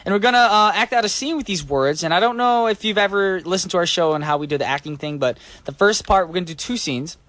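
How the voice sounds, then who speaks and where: A man's voice: sits high, fast talker, few pauses, a bit bright, dry recording. A man hosting a casual radio show in a studio, joking and laughing with his co-hosts. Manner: playful, jokey, laughs often. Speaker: radio DJ host. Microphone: studio microphone.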